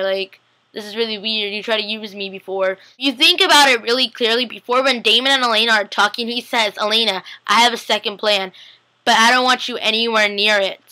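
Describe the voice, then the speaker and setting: A young woman vlogger casually recapping a TV episode, chatty and giggly, acting out the characters' lines in quick voices. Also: fairly high pitch, bright, forceful tone, rough recording. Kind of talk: casual chat.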